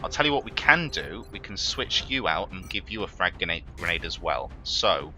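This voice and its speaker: Over soft background music, a gaming let's player narrates his own strategy game run in a deep, sing-song voice at normal speed. His tone is bright and forceful, and he swears and breaks into exasperated outbursts.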